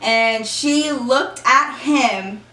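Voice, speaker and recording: Woman vlogger, storytime: high-ish, bright voice, chatty; echoey room, mic set back. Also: drawn-out words, recorded from a distance. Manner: chatty, acts out quotes, says y'all. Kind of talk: casual storytime.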